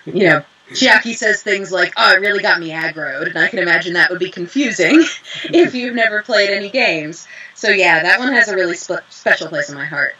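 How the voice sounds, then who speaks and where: A young woman, a voice actress, chatting in an interview and telling lively stories with acted-out quotes. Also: on the low side, a little fast, rough recording. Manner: animated storyteller, acts out quotes. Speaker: voice actress guest. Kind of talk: casual interview chat.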